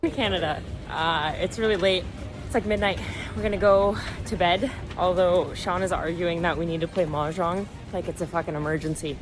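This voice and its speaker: A woman's voice: on the low side, steady tone, normal speed, over music. A woman hosting a casual vlog, chatty, laughing and swearing a little. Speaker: video host.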